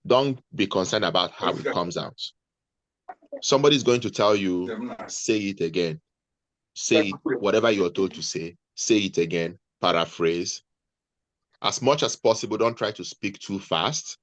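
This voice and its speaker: A man, a guest on a video call, giving measured, deliberate advice to nurses. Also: on the low side, fairly bright tone, no room sound. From Nigeria.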